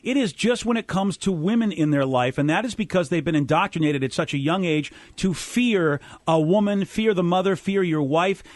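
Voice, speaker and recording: A man's voice: high voice, normal speed, hardly any pauses, no room sound. A male radio talk show host in a heated debate, interrupting and insisting, repeating names to hold the floor, in a studio.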